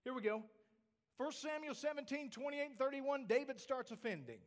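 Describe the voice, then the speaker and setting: A man's voice: very high-pitched, lively intonation, normal speed. A man preaching a sermon, emphatic, asking the congregation rhetorical questions. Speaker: pastor.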